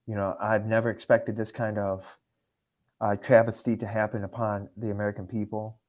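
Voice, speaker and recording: A man's voice: fairly low pitch, flat delivery, normal speed, dull audio. A man from Russia, a guest on a political podcast, speaking in an emotional, earnest way.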